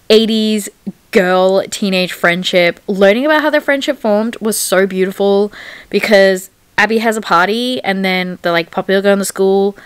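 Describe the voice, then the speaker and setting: A woman's voice: mid-range voice, fairly bright tone, clear, resonant tone, no echo. A young woman chatting casually in a reading vlog, gushing about a book with lots of filler words. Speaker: book vlogger.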